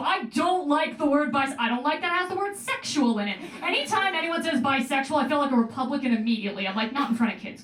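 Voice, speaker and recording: A young woman performing a stand-up comedy set in a club, with a deadpan delivery and playful asides. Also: sits high. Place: comedy club stage with live audience. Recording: roomy club sound heard from a distance. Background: audience laughing.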